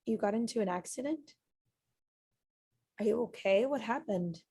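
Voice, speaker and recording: A woman reading the part of an exasperated ex-wife in an amateur script table read, sharp and then quietly worried. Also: on the high side, expressive, moderate pace, husky.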